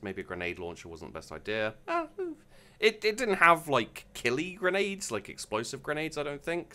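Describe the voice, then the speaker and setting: A man's voice: lowish voice, pushed and bright. A man hosting a live stream, reading out viewers' tabletop game stories in an amused, conversational way with frequent ums and restarts.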